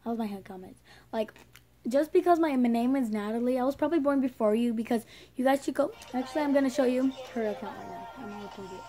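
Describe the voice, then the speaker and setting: Female vlogger, slightly high voice; casual, rambling, indignant rant to camera. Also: fast, dark tone. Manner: indignant, rambling, talks straight to viewers.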